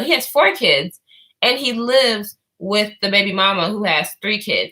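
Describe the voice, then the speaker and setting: A woman's voice: mid-range voice, bright, forceful tone, poor audio. A woman vlogger telling a rambling story in casual talk, full of fillers and swearing.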